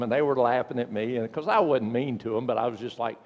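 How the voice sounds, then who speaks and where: A man's voice: medium pitch, fast talker, few pauses. Older man preaching in an echoing church. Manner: folksy storytelling with sudden loud emphatic bursts. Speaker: pastor. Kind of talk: sermon. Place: church sanctuary.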